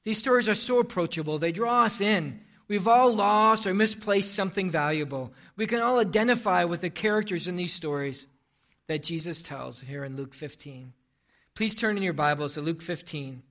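A man preaching a sermon in a fairly high voice with a gravelly rasp. He tells a story, reads scripture aloud and moves into prayer. His delivery is that of a pastor speaking to his congregation. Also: lively intonation, moderate pace, a bit bright. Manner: storytelling, then reading scripture and praying.

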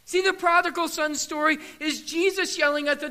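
A male pastor preaching a sermon with passion, moving between loud emphatic declarations and soft hushed passages. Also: very high-pitched, fairly even intonation, a little fast, few pauses.

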